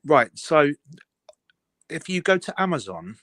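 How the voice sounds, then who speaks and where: A man's voice: a little high, very animated, measured pace, a bit bright, no room sound. A man caller on a live stream. He is polite and methodical and lays out details step by step, with a close, dry sound. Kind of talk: casual call-in chat.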